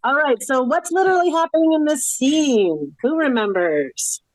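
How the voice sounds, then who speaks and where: A woman's voice: sits high, animated, normal speed, no echo, low-quality recording. A woman guiding a casual podcast discussion, asking the group questions. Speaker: discussion leader. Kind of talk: casual chat.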